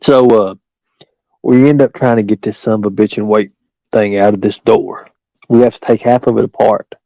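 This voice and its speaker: A man spins a crude, rambling yarn in a mellow, low-key voice. He stumbles and restarts often and swears freely. The recording is dry and a little dull. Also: steady tone, normal speed, creaky, no echo. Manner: rambling, profane, frequent restarts and fillers. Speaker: storyteller. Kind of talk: casual storytelling.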